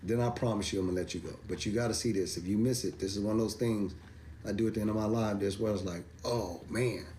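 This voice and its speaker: Male streamer with a lowish voice, emphatic and repetitive, walks through charts over a faint noise floor. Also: fast, mellow. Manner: emphatic, repeats himself, rising to incredulous exclamations. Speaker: crypto commentator. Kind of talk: livestream chart commentary.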